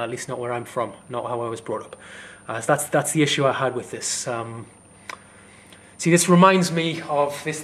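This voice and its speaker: A man's voice: mid-range voice, reverberant, distant mic, a little hiss or hum. A fitness instructor talking straight to camera, heated and blunt, swearing as he gives advice. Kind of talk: direct-to-camera advice vlog.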